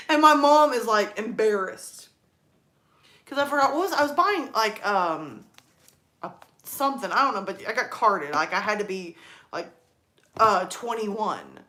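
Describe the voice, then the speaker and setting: A woman's voice: a little high, a little slow, pauses often. Chatty woman rambling on a live stream. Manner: chatty, rambling, animated storytelling. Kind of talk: casual live stream chat.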